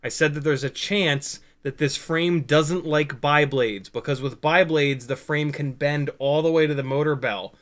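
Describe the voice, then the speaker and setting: A fairly high, bright-voiced man chats through a hobby livestream. He gets excited and curses casually, breaking off and restarting sentences as he works at his bench. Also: unhurried, few pauses. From United States. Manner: excitable, profane, rambling with restarts. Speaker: FPV drone livestream host. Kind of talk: casual hobby livestream, hands-on soldering demo.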